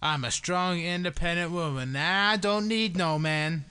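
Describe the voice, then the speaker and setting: A man's voice: high-pitched, steady tone, sharp tone, clear, resonant tone, voice pushed up. Man putting on a mock Russian tough woman. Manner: slow, exaggerated, raised voice.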